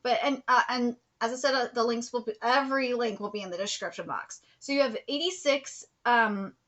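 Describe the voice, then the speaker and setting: A woman's voice: fairly high pitch, brisk, fairly bright tone. A woman vlogger ranting in a commentary video, blunt and profane, hammering points with repetition. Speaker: anime vlogger.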